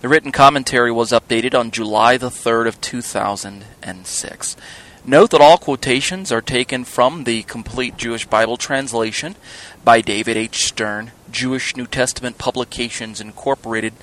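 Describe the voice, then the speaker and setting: A man giving a recorded Torah teaching, who often pauses with fillers and restarts and spells words out letter by letter. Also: mid-range voice, a bit bright.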